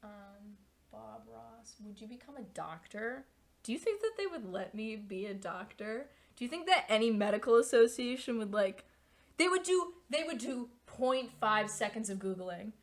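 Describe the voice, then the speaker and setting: A woman in her twenties with a slightly high voice chats casually on a stream at a moderate pace. She rambles through animated stories and swears freely.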